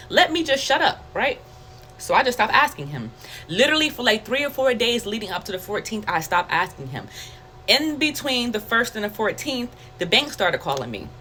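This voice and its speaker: A woman's voice: mid-range voice, slight background noise. A woman sharing a personal faith testimony in a candid, conversational way, acting out her own thoughts as she tells it. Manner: candid, conversational, animated storytelling with quoted self-talk. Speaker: testimony vlogger.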